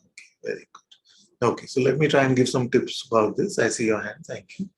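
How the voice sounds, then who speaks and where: A man leading a satsang as spiritual teacher, probing his listeners with repeated questions in a gentle, playful way. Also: medium pitch, fast, low-quality recording. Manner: gentle and playful, with soft laughs. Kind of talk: satsang teaching to a live group.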